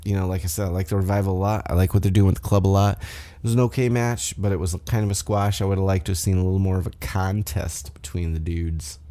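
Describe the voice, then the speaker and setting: A man with a lowish, mellow voice recaps a wrestling show on his podcast. His talk is loose and profane, full of side remarks and self-corrections. He speaks into a desk microphone in a home setup. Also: fairly even intonation, fast. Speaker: podcast host.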